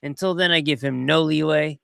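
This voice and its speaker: Male podcast host, a touch high, smooth and clear, rambling casual commentary. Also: no echo. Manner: rambling, chatty, quick to get excited. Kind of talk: casual commentary over video clips.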